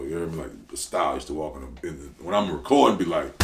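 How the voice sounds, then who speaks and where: A man tells stories as a rapper guest in a relaxed interview. He talks in a slangy, animated way that jumps up in quick bursts of excitement. The room gives his voice a noticeable echo. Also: extremely low pitch, creaky, a little hiss or hum. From New Orleans. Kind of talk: casual interview storytelling. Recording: roomy echo.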